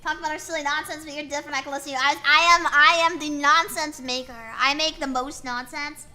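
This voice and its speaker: Young woman streamer, high, very bright voice, rambling self-mocking chat, soft music behind. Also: steady tone, quick pace. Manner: rambling, playful, self-mocking, with frequent fillers. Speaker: VTuber streamer. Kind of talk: casual chat while drawing on stream.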